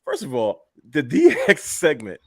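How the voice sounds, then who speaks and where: A man co-hosting a casual wrestling talk show, telling stories with animated energy, acting out quotes and laughing often. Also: on the high side, unhurried. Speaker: podcast co-host.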